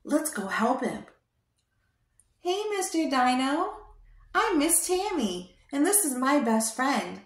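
A young woman hosting a toddler show, talking in a slow, exaggerated sing-song way to teach small children. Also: high-pitched, big pitch swings. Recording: roomy echo.

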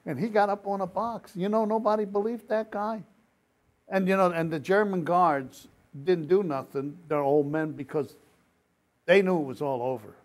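A man's voice: high voice, normal speed. An older man recounting his experiences in an oral history interview, telling stories with quoted dialogue. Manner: lively anecdotal storytelling with quoted dialogue.

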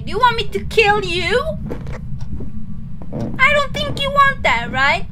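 Young woman gamer, really high bouncy voice, slow and dramatic, noisy background. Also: very animated. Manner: dramatic, swings from taunting to crying out. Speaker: gaming streamer. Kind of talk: gaming commentary with a friend.

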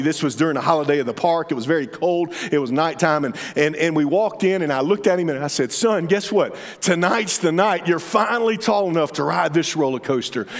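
A man, preaching a humorous storytelling sermon in church. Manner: storytelling, humorous, drops to a soft low voice for emphasis. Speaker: pastor. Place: church sanctuary. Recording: reverberant church hall.

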